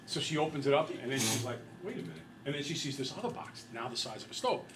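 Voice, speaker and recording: A middle-aged man teaches a math class in a mid-range voice at a quick pace, with background noise audible. He's playful and jokey, telling stories and acting out little voices in his anecdotes.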